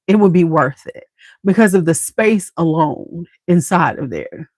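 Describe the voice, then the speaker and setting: A woman's voice: lowish voice, lively intonation, measured pace, darkish tone, dry recording. A woman hosting a casual beauty livestream, chatting to her viewers and a bit congested. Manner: chatty, addresses viewers as y'all.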